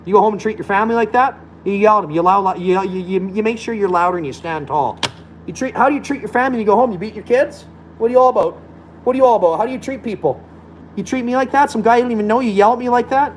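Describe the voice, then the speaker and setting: A man's voice: high voice, animated, fast talker, slight background noise, poor audio. A man ranting bluntly and combatively, swearing freely in a loose, profane monologue. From Alberta, Canada. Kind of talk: profane rant.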